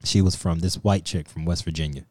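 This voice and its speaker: Speaking briskly in a low-sitting voice, this man is a podcast co-host spinning a profane, casual story and animatedly voicing other people's quotes. The sound is dry and clean, studio quality.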